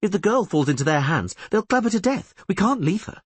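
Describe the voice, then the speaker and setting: A man voicing a sharp-tongued, protective young outlaw with a scornful, heated way of talking. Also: sits high, very animated, brisk, slightly rough, dry recording, pitched above the performer's own voice, full character voice.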